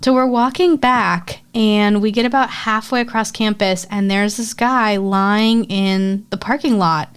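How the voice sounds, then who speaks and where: A woman's voice: medium pitch, measured pace, hardly any pauses, smooth. A young woman co-hosting a podcast, telling a story in casual chat and acting out the people in it. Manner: animated storytelling with quoted voices. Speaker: podcast co-host.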